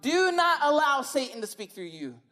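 A woman's voice: high-pitched, sing-song, moderate pace, a bit bright. Conversational woman preaching a sermon. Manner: conversational, emphatic, rhetorical questions.

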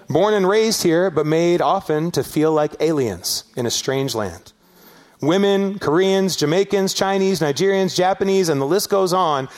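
A middle-aged man from Los Angeles preaching a sermon as pastor, telling a story with animated rises and shouted peaks. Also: a little high. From Los Angeles area, US.

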